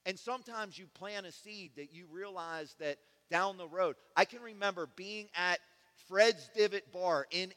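Male pastor, sermon, bright and forceful tone, slightly high voice, long church reverb. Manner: conversational preaching that swings from soft to loud and fervent.

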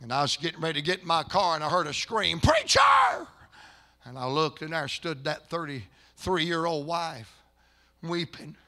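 Forceful older preacher man. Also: on the high side, normal speed. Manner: folksy storytelling that builds to impassioned, shouted preaching. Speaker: pastor. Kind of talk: storytelling sermon.

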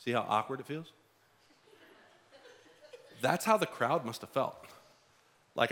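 A middle-aged man preaching a sermon, lively, acting out the voices of the people in the story. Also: on the high side, normal speed, pauses often. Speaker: pastor.

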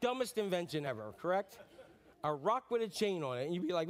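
A middle-aged male pastor preaching a sermon in a lively, conversational, joking way. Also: high voice, a little fast.

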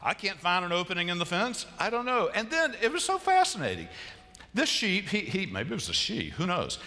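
A man's voice: high-pitched, brisk. A man preaching a sermon as pastor, telling stories and acting out quotes with humor. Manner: storytelling, animated, acts out quotes and sheep bleats. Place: large church sanctuary. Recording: long church reverb.

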